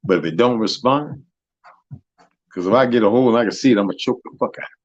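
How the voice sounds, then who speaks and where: A man hosting a live stream, telling stories in a profane, animated way that swings from loud to soft. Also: medium pitch, fast talker, dry recording, highs cut off. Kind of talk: casual storytelling chat.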